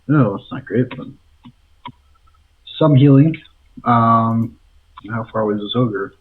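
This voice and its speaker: A man's voice: medium pitch, slow pace. A man playing a tabletop game, methodically thinking his turn through aloud. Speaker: player. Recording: phone-like narrow sound.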